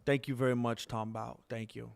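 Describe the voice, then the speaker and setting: Rambling man with a smooth voice. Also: normal speed. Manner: rambling and candid, with bursts of high-pitched excitement when thanking donors. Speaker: live-stream host. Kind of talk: casual live-stream chat.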